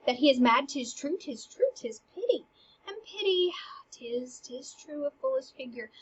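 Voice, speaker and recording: A woman's voice: high-pitched, big pitch swings, highs cut off. A woman voicing a pompous, rambling old male courtier who loves hearing himself talk. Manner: slow, loud, overblown delivery.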